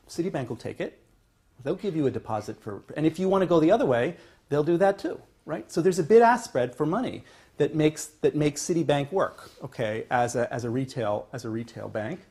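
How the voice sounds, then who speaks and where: Husky-voiced male professor lecturing. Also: fairly high pitch. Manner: repeats "okay?" as a check-in, restarts phrases often; emphatic, builds to louder points then trails off. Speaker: economics professor. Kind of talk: university lecture. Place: lecture classroom.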